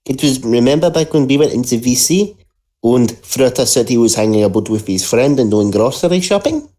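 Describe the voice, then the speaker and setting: A man's voice: medium pitch, lively intonation, fairly quick, dark tone. A Scottish man dropping into a podcast call while tipsy, bantering playfully and calling others dear. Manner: playful, mock-formal, calls others dear. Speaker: podcast regular making a cameo. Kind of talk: casual banter. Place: online voice call.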